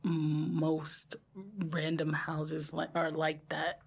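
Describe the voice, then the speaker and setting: A young woman co-hosting a podcast, chatting casually with relaxed, chuckling asides. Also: low-pitched, slow, vocal fry. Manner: laid-back, chuckling asides. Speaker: podcast co-host.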